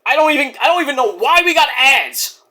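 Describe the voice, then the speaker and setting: A man's voice: extremely high pitch, lively intonation, a little fast, sharp tone. A man giving a casual, profane review of a wrestling show, ranting and acting out what people said. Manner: profane, ranting, acts out quotes.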